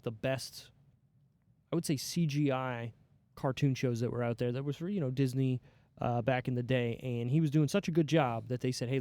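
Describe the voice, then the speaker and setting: A man hosting a casual TV review podcast, animated and swearing casually as he talks. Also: medium pitch, no echo. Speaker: podcast host.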